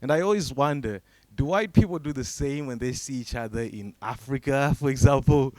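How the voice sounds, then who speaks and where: A young man from Zimbabwe performing a stand-up comedy set. He delivers low, deadpan setups and then breaks into sudden high, shouted character voices. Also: a little fast, hardly any pauses, no room sound.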